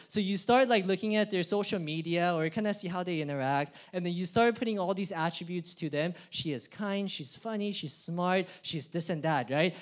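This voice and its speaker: A young adult man delivering a sermon in a fairly high voice. He builds to loud, emphatic peaks, then drops into quiet, low asides. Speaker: pastor.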